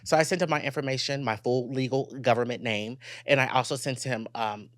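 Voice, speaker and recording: A young man hosts his own podcast and tells a personal story with blunt, profane candor. He keeps turning to his listeners, dropping low and hushed and then rising sharply. The recording is dry and close, with no room sound. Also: brisk, dry recording. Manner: animated, candid and profane, addresses listeners directly. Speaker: podcast host.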